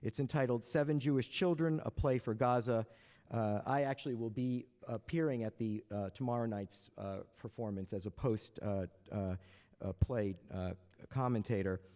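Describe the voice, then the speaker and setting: His mid-range voice carries a dark tone at a moderate pace as he moderates a panel in a big lecture hall. He starts with dry humor, slipping wry, joking remarks between filler-heavy, hesitant lines, all echoing through the reverberant room.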